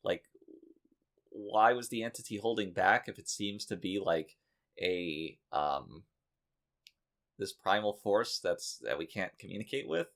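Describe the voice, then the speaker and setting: A man with a low, gravelly voice co-hosts a casual comedic podcast. He talks in a dry, exasperated way and drops profane asides. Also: lively intonation, unhurried, long pauses, a bit bright. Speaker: podcast co-host.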